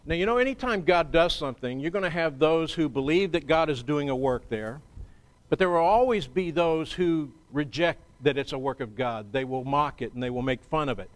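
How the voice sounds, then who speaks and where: A male pastor delivering a sermon, his voice sitting a little higher than most men's. He talks in a measured, conversational way, often pausing to gather his next thought. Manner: measured, conversational preaching with frequent pauses. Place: church.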